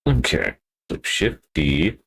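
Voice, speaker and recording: A man's voice: sits low, very animated, takes it slowly, creaky, fairly bright tone, breathy edge, soft background music. A man streaming live while building a 3D model, talking to himself in a rambling, playful way with wordplay asides.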